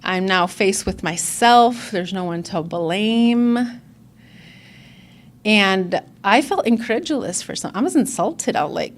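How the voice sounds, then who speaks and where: A woman's voice: medium pitch, unhurried. A woman from the Chicago area, giving a candid personal testimony as a conference speaker and acting out remembered conversations. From Chicago area, USA. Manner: earnest and candid, acts out quoted dialogue. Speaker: conference speaker sharing her recovery story.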